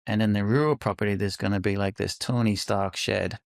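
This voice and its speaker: Gravelly low-voiced man, hesitant. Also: fairly even intonation, fairly quick, no room sound, studio quality. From United Kingdom. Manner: hesitant, thoughtful, many fillers and restarts. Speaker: podcast guest, company founder. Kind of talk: casual interview conversation.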